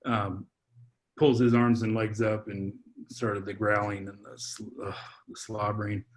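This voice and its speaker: Halting man telling a personal story. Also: on the low side, level tone. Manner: halting, with frequent restarts and repeated words. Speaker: podcast guest, father. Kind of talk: heartfelt personal testimony in conversation.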